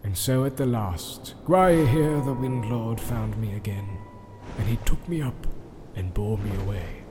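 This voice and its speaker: An ancient male wizard, grave and solemn, as a man reads him aloud. He speaks in a measured way and chants verse like an old prophecy, from a storybook reading. Strong orchestral film music plays beneath him. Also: mid-range voice, close to an everyday voice. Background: film score music.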